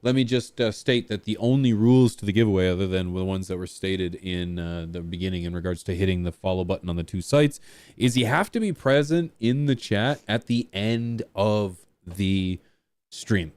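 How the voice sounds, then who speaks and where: A low, darkish male voice at a moderate pace, recorded with no room sound. He's a small-town streamer bantering casually with his partner and viewers, drifting from topic to topic and cracking self-deprecating jokes.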